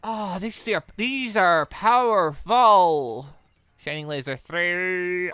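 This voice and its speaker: A man's voice: high-pitched, slow pace, pushed and bright, smooth, no room sound. A man giving exasperated let's-play commentary, swearing often and talking back to the game. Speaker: gaming YouTuber.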